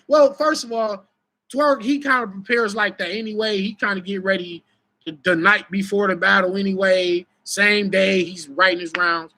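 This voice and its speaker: Animated bright-voiced man telling stories. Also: sits high, moderate pace. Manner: animated, profane, laughing storytelling. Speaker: battle rapper and host. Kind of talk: live stream casual talk.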